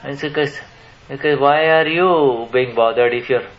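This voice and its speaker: A man's voice: medium pitch, a little slow, dull audio. A man teaching at a spiritual question-and-answer session, hesitant, with many restarts and questions put to the audience. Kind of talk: spiritual Q&A talk to a live audience.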